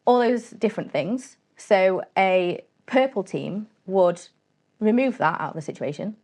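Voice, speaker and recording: A woman's voice: mid-range voice, expressive, unhurried, a little mellow. A woman, the guest, explaining her work in a casual, straight-talking interview chat and acting out little bits of dialogue as she goes. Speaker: guest, cybersecurity company CEO.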